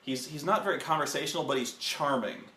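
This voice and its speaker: A man co-hosting a casual film review, rambling and swearing, acting out movie scenes with loud yells. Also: a little high, a little fast, reverberant.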